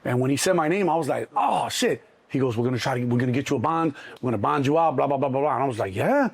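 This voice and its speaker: A middle-aged man with a Chicago accent, telling a story in an interview, animated and swearing freely, acting out the other voices. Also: medium pitch, very fast, gravelly, slightly rough. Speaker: interview guest. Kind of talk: casual storytelling.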